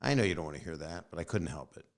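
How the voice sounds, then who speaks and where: Low-voiced man rambling through a podcast outro. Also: lively intonation, very fast, creaky. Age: 60s. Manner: rambling, joking asides, trailing off quietly. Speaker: podcast host.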